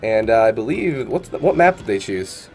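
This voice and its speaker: A man's voice: fairly low pitch, sing-song, moderate pace, creaky, darkish tone, soft background music. A man casting a live esports tournament and chatting between matches in an upbeat, chatty way full of "uh" and "man". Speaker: tournament caster and streamer.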